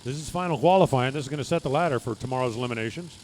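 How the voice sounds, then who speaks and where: A man's voice: mid-range voice, very fast, a little mellow, a little hiss or hum. A man giving live drag racing commentary, reading times and speeds with folksy, joking asides.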